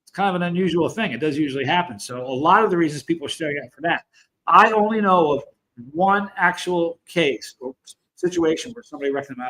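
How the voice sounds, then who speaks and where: An American man in his fifties hosts a laid-back livestream for his chili channel, wandering from story to story and greeting viewers by name. His voice sits fairly high with a fairly bright tone, and the audio quality is poor.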